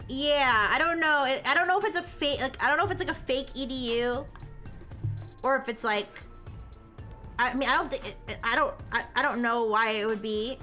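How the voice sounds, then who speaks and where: A woman hosts a casual live stream, talking in a high, bright voice. She rambles, trips over her own sentences and laughs as she goes. Faint music plays underneath. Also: moderate pace. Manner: rambling, self-interrupting, laughs often. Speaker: livestream host.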